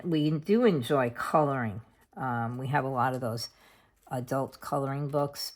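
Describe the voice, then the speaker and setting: A woman's voice: a bass voice, a little mellow. A middle-aged woman hosting a craft tutorial, chatting casually and thinking aloud as she works at her craft table. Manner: chatty, unhurried, thinks aloud while working. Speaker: craft channel host.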